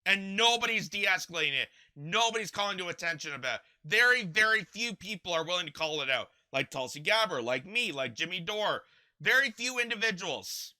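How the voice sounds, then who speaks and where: A man's voice: high voice, expressive, fairly quick, bright, forceful tone. A young man hosting political commentary, ranting in an impassioned, indignant way and often repeating himself. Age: young adult.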